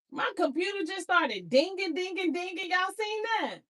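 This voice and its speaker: Excitable high-voiced woman on livestream. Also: normal speed, few pauses. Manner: emotional and excitable, laughing, slangy. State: close to tears. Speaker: livestream host. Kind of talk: casual livestream chat.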